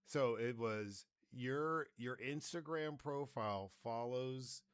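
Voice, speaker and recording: Slow-talking, smooth-voiced man on a podcast. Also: medium pitch, no room sound. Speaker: podcast host. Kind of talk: casual podcast chat.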